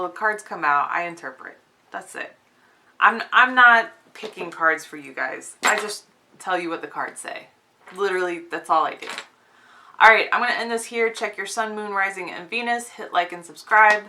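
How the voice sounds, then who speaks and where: A woman with a crisp, bright voice talks her way through a tarot spread for her viewers. She is chatty and informal, calls her audience y'all, and keeps slipping into little giggles as she turns the cards. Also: medium pitch, expressive, unhurried, slight background noise, rough recording. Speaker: tarot reader. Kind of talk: casual collective tarot reading.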